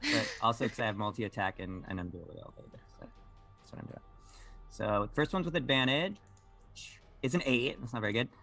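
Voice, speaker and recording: A man's voice: mid-range voice, fairly quick, pushed and bright, faint music behind. A man playing a tabletop game, casually reading out his dice rolls with a wry, self-deprecating tone. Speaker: player.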